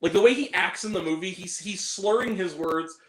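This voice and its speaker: A man co-hosting a casual podcast chat about movies, animated, swearing freely and breaking into laughter and exaggerated reactions. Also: high voice, fairly quick, echoey room, low-quality recording. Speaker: podcast co-host.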